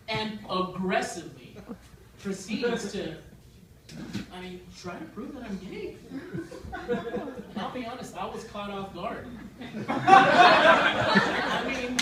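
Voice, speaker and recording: A young man with an American accent performing a stand-up set, telling his stories deadpan and breaking into sudden loud outbursts. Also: extremely high pitch, slow pace, pauses often. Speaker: stand-up comedian. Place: comedy club stage. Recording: echoey club room from far off, noisy. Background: audience laughter.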